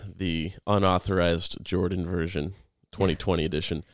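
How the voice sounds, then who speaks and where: A low-sitting male voice with flat delivery at normal speed, captured in a dry, clean studio recording. As a podcast co-host, he discusses a Bible passage in an earnest, reflective, casual way.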